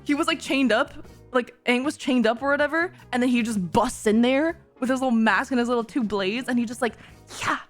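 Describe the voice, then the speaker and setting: A woman streamer chatting casually while reacting to a show, gushing, giggly and excitable, with frequent swearing. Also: fairly high pitch, brisk, faint music behind.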